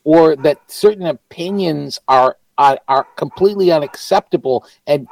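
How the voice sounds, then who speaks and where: A man's voice: fairly high pitch, normal speed, vocal fry, a little mellow, no echo, rough recording. A man co-hosting a podcast in casual chat, with dry, sarcastic humor. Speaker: podcast co-host.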